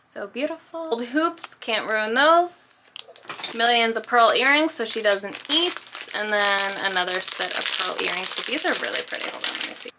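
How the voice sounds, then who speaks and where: A woman's voice: on the high side, animated, normal speed, background noise. A woman chatting casually through a shopping haul vlog. She rambles and pokes fun at herself. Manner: chatty, rambling, self-deprecating. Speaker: YouTube vlogger.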